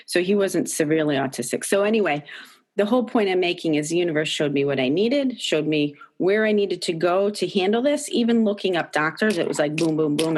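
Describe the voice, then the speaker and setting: A middle-aged woman talking candidly as an interview guest, emphatic and swearing freely, her voice jumping up when she quotes her own thoughts. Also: low voice. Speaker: podcast guest, author.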